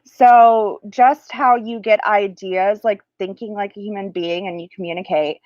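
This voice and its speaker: A woman's voice: mid-range voice, fairly even intonation, a little mellow, no room sound, muffled recording. A woman hosting a spiritual livestream, chatting casually and crassly, rambling and losing her train of thought. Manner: slow, drawn-out teaching delivery.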